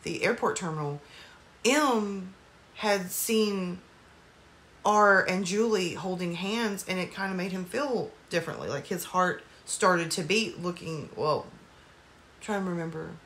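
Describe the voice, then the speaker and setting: A woman's voice: lowish voice, unhurried, a bit bright. A woman casually recapping a movie's plot at home, rambling with lots of fillers and apologetic asides. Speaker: movie reviewer.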